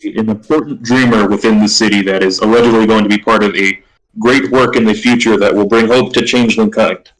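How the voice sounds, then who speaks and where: Loud, projecting male game master. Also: fairly low pitch, steady tone, poor audio. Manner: halting, with many restarts. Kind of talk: narrating a tabletop game.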